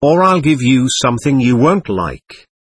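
A man's voice: mid-range voice, big pitch swings, unhurried, husky, no echo. A man voicing a drunk, belligerent German corporal. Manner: shouting, contemptuous.

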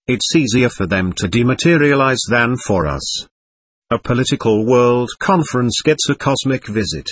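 A man narrating a first-person story in a steady, expressive reading. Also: mid-range voice, breathy edge, no room sound.

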